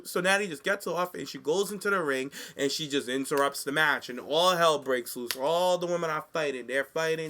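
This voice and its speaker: Sassy, bright-voiced man recapping wrestling. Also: on the high side, normal speed, hardly any pauses. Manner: animated, sassy, acts out quotes. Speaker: podcast co-host. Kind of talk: casual chat recapping wrestling.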